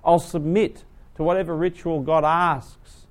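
A man's voice: fairly high pitch, steady tone, unhurried, natural voice. A man preaching, voicing a frightened old man who begs to be spared. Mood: pleading. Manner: begging, anxious.

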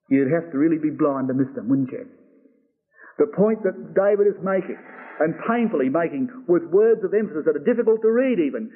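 Male preacher, high voice, earnest, asks questions, phone-thin audio. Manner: earnest, rhetorical questions, reads scripture slowly. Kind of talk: Bible exposition sermon. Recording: tinny phone-like lo-fi recording.

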